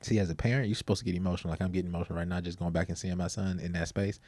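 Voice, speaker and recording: A middle-aged man telling a story on a parenting podcast in an emphatic, animated casual way. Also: low-pitched, racing, dry recording.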